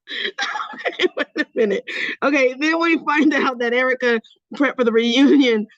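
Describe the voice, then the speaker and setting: A woman's voice: high-pitched, very animated, a little slow, fairly bright tone, no echo, lo-fi sound. A woman guest in a casual gossip chat, brash, laughing often and swearing freely. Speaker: guest co-host.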